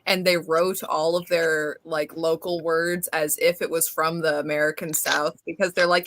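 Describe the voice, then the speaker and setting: Brief: woman, lowish voice, dry close sound, thoughtful storyteller. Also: flat delivery, normal speed, hardly any pauses, fairly bright tone, dry recording. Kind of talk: casual chat.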